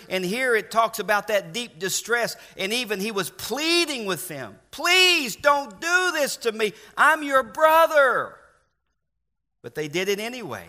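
A man preaching a sermon as pastor, earnest, with slow emphatic stresses and repeated refrains. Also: high-pitched, bright, forceful tone. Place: church.

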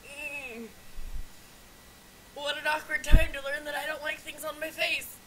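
A young woman vlogging at home in casual unscripted chat, swearing a lot and swinging between loud exclamations and muttered hums. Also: sits high, little pitch movement, measured pace, slight background noise, poor audio.

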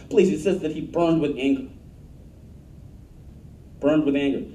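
A man's voice: on the high side, measured pace, long pauses, mellow, reverberant, recorded from a distance, poor audio. A man preaching a sermon as pastor, blunt and emphatic, prompting the congregation to fill in answers. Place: church.

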